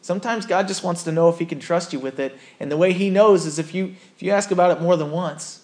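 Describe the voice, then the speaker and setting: A man's voice: high voice, quick pace, darkish tone. A man preaching a sermon as a pastor, earnest and conversational, often correcting himself mid-sentence.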